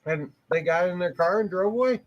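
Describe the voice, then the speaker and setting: A high-pitched man spins a long, rambling story on a casual live morning stream, crude and laughing as he goes. The audio is dull and lo-fi, like a cheap streaming setup. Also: fairly quick. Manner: rambling, laughs through anecdotes, crude humor. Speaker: morning show co-host.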